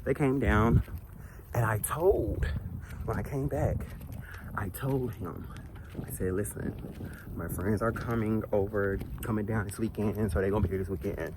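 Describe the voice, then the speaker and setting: A man's voice: on the low side, unhurried, background noise. A young man vlogger telling a casual storytime while walking outdoors, sassy and chatty with asides to his viewers.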